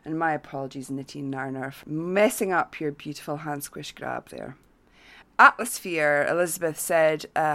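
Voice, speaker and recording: A woman hosting a casual craft podcast, reading listener notes aloud in a halting way with fillers. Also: low voice, a bit bright. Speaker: podcast host.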